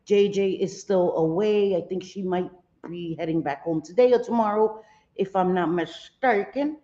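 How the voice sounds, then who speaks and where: A woman's voice: on the low side, moderate pace, warm tone, muffled recording. A middle-aged woman hosting a casual home livestream, greeting viewers by name with pet names like sweetie. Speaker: livestream host.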